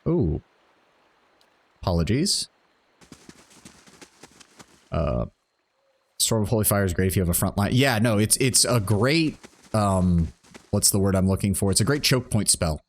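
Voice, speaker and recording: A man's voice: on the low side, animated, unhurried, pauses often. A man streaming a game, casually thinking aloud and reading out game text and stats. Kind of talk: casual gameplay commentary.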